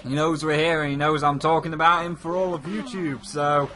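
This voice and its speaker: A man's voice: a little high, level tone, a little fast, sharp tone. A man giving casual, joking gameplay commentary as a let's play host, into a condenser mic with a pop filter. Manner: chatty, joking. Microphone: USB condenser with pop filter.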